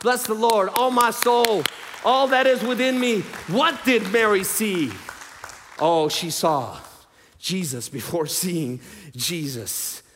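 A man preaching a sermon, with a repeating cadence that swings between loud declarations and hushed lines. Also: high voice, slow, some chatter behind. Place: church sanctuary. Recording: reverberant hall.

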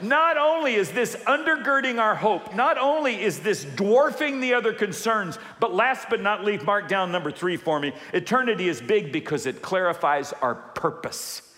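A man delivers a lively sermon in a slightly high voice, slipping into quoted voices and calling on the congregation to answer back. His voice rings out with a long reverb, as in a large church hall. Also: normal speed, hardly any pauses. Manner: animated, acts out quoted voices, calls for audience responses. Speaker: pastor.

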